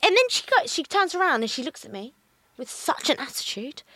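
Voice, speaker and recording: A young woman co-hosting a podcast, telling stories in a lively way and acting out the people in them. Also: high voice, a little fast, no echo. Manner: animated storyteller, acts out quoted people. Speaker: podcast co-host. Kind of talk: casual chat.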